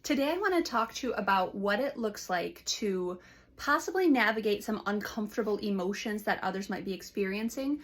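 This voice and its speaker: A woman's voice: mid-range voice, animated, brisk. Lady counselor chatting to camera, storytelling, lots of ums and restarts. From United States. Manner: warm storytelling with frequent fillers and restarts. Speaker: licensed counselor. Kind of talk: casual advice talk to camera.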